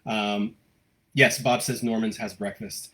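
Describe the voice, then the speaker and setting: A man with a fairly low voice hosts a live local news stream from home. He chats casually, reads out viewer comments, and stammers through his thoughts with plenty of ums and restarts. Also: steady tone, a bit bright. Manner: halting, many fillers and restarts. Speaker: host of a local news livestream.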